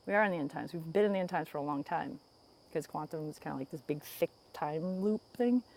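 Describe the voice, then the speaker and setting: In a casual, wandering livestream from the woods, a woman from the United States reads viewer comments aloud and laughs frequently, speaking through a phone earbud mic. She has a deep, darkish voice and talks fairly quickly.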